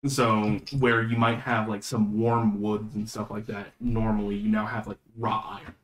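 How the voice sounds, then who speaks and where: A man running a tabletop game as game master, describing scenes in a relaxed, casual way with lots of fillers. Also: on the low side, normal speed. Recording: roomy echo.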